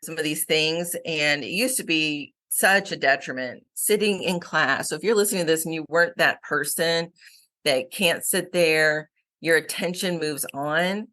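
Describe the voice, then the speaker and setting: A middle-aged woman, a company founder, telling stories in a fast, energetic podcast chat. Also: sits low.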